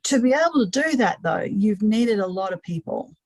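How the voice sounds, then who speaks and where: A woman hosts a live-streamed webinar in an earnest, thinking-aloud way, often doubling her words. Her voice sits at a middle pitch. The sound is dry and close, with no room echo. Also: animated, normal speed. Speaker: webinar host.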